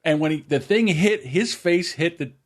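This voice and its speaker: Man telling animated family stories. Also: normal speed. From New Jersey shore area. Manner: animated, acts out quoted voices in a high pitch. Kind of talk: casual storytelling.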